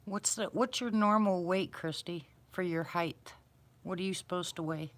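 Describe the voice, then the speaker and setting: Speaking at a normal speed in a lowish voice, a middle-aged woman runs a casual livestream. She chats live and replies to viewers by name.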